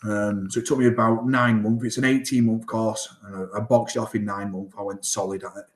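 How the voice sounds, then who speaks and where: A man in his thirties tells stories in a casual interview, slipping into the voices of the people he quotes. His voice sits fairly low and stays flat in pitch. The room around him has a noticeable echo. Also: fairly quick. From Northern England. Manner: animated storyteller, acts out quoted exchanges. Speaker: rugby player and guest. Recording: echoey room.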